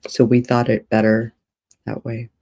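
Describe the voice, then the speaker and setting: Slow, mellow woman rambling casually. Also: extremely low pitch, monotone. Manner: rambling, thinking aloud. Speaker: author and streamer. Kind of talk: casual livestream chat. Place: hotel room.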